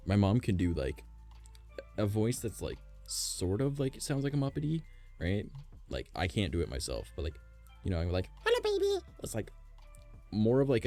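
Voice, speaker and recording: Deep gravelly man chatting on stream. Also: very animated, normal speed, dark tone. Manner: rambling, profane, laughs often. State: strained, worn voice. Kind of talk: casual stream chat. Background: faint background music.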